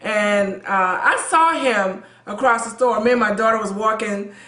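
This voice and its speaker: A woman's voice: medium pitch, measured pace, bright, forceful tone. A woman, a pastor's wife and co-host, chatting earnestly about marriage and telling personal stories, often repeating words as she talks. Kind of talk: conversational storytelling. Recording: echoey room.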